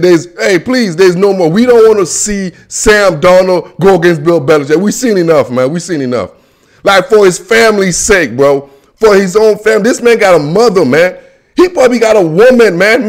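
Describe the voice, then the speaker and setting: Young male sports host, high-pitched, slangy, animated ranter. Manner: animated, ranting and pleading, slangy with frequent "man" and "bro"; bursts into shouts and laughs. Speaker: host of a football show. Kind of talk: casual solo sports commentary.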